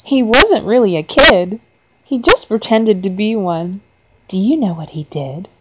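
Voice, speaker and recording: A woman voicing an eerie mother who scolds in an unnatural falsetto. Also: animated, measured pace, heavy background noise, natural voice. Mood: eerie scolding. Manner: scolding, sing-song menace.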